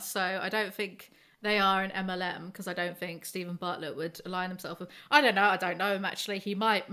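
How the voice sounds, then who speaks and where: A woman's voice: mid-range voice, bright, forceful tone. A young woman hosting a podcast, chatting casually in a rambling, self-deprecating way. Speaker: podcast host.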